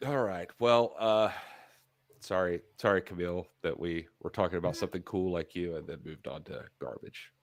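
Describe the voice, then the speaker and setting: A man's voice: low-pitched, fairly even intonation, normal speed, no echo, clean studio sound. A man co-hosting a casual wrestling talk show over a video call, chatting in a loose, rambling way. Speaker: podcast co-host. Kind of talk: casual chat.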